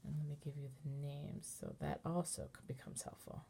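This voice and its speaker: A woman cantor giving a relaxed, patient lesson on chanting, explaining step by step and singing short chanted examples. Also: low-pitched, a little fast, creaky, in a whisper. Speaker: cantor teaching Torah chanting. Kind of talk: informal online lesson with sung examples.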